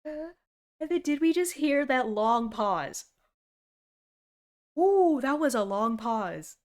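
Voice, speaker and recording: A young woman in her twenties streaming a casual reaction, talking in an animated and sarcastic way and laughing often. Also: high-pitched, slow.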